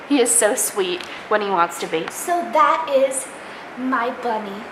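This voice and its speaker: Young woman, casual pet vlog, higher voice, echoey room with faint hiss. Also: a little slow, pushed and bright. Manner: chatty, gushing baby talk to her pet. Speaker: vlogger.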